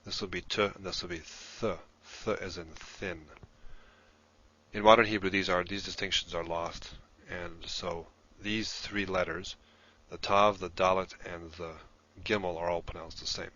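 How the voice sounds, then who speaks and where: Deep-voiced man explaining a lesson step by step. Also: fairly even intonation, unhurried, bright, forceful tone, muffled recording. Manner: patient, step-by-step explaining, writing as he talks. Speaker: instructor in a played lesson video.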